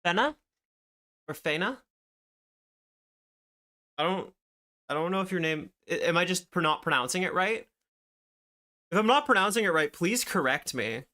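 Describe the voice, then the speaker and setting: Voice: mid-range voice, lively intonation, a little fast, bright, forceful tone. A streamer chatting casually to viewers while drawing, greeting them by name, with rambling asides.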